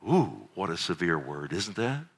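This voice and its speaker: A middle-aged man preaching a sermon, animated, full of rhetorical questions. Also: low voice, measured pace, husky. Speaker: pastor. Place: church sanctuary.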